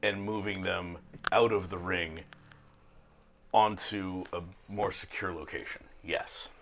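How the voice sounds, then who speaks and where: A man's voice: low-pitched, steady tone, takes it slowly, creaky, fairly bright tone, a little hiss or hum. A man narrating as game master in a tabletop role-playing session, laughing often and teasing his players.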